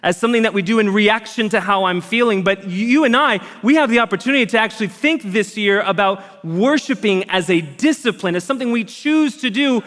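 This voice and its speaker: Pastor guy giving a sermon, kinda high voice, chatty and earnest, big echoey church hall. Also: fairly quick, hardly any pauses. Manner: earnest, conversational preaching with lively emphasis. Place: church auditorium. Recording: long hall reverb.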